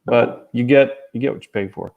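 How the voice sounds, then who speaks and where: Male livestream host, mid-pitched, rambling and jokey, easily sidetracked. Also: brisk, vocal fry, phone-quality sound. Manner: rambling, easily distracted, joking. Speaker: host and author. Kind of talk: casual livestream chat. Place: outdoors near a golf course.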